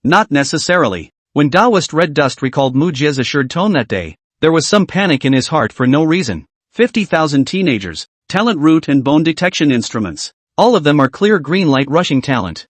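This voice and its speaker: A man's voice: on the high side, sing-song, moderate pace, dry recording. A man narrating a manhwa recap, reading all the dialogue himself in one voice.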